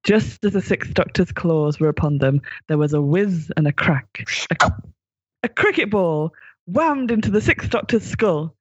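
A man's voice: high voice, lively intonation, measured pace, breathy edge, dry recording, muffled recording. A man reading out a gory comic fan story, giggling now and then and putting on voices.

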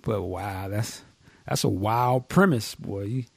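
A man hosting a casual podcast chat, animated, often exclaiming and laughing. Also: lowish voice, slow pace, gravelly, no echo. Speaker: host.

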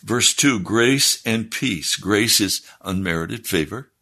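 Slow, forceful male preacher. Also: fairly low pitch, lively intonation. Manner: deliberate teaching delivery, explaining scripture word by word. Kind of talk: sermon.

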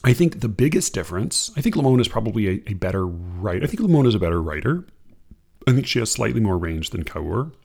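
Man, low voice, measured, hesitant commentary and quote reading. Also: big pitch swings, gravelly, darkish tone, husky. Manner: measured, hesitant, restarts often. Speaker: commentator on poetry.

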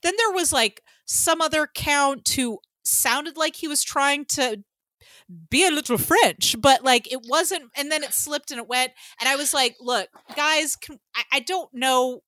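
A woman's voice: high-pitched, measured pace, pushed and bright, no echo, clean studio sound. A woman co-hosting a podcast, talking casually and animatedly about a film and swearing freely. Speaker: podcast co-host. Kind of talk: casual film-review chat.

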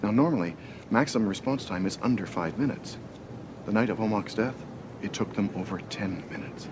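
A man's voice: fairly low pitch, brisk, noisy background, natural voice. An actor playing an anxious male alien official who speaks hesitantly and earnestly, in a TV clip with music underneath.

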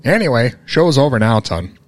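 A man's voice: mid-range voice, big pitch swings, normal speed, soft background music. A man co-hosting a podcast in casual chat, teasing with dry humor. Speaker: podcast co-host.

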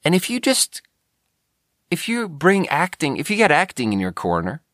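A man's voice: on the high side, wildly swooping pitch, normal speed, fairly bright tone, dry recording. Rambling man telling a story, dry sound. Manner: rambling, self-correcting storytelling; casual swearing. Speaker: podcast host. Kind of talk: casual podcast monologue.

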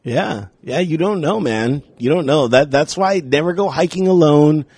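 A man telling a story in casual chat, animated and swearing, acting out what people said to him. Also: fairly high pitch, moderate pace, husky, no echo.

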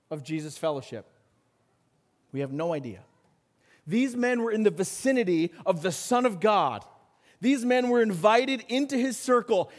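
A man preaching an earnest sermon as pastor, rising in intensity and then dropping low.

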